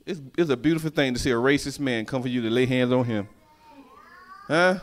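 A man preaching a sermon, calling out to the congregation and swinging from hushed asides to shouted lines. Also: mid-range voice, a little fast.

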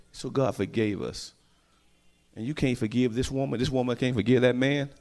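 A man preaching a sermon, calling out to the congregation and swinging from hushed asides to shouted lines. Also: medium pitch, moderate pace.

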